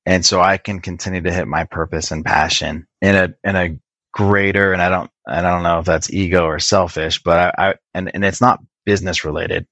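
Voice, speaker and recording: Very deep-voiced earnest man. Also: steady tone, fairly bright tone, no room sound. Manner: earnest, halting with many restarts. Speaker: podcast guest. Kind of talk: podcast interview.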